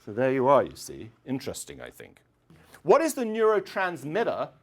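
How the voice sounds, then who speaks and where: A middle-aged man giving a chatty public lecture, often clearing his throat and filling pauses with um and uh. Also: medium pitch, huge pitch swings. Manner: chatty, digressive, frequent throat clearing and fillers. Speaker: university lecturer. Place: lecture hall.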